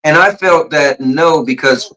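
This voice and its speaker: A man's voice: on the high side, unhurried, bright, forceful tone, low-quality recording. A middle-aged American man hosting a casual livestream podcast, chatting and reading the chat aloud. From USA. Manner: easygoing, reads chat aloud. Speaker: podcast host.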